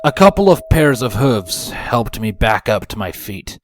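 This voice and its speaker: Low-voiced man narrating a story. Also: sing-song, a little slow, background noise. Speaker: fanfiction reader.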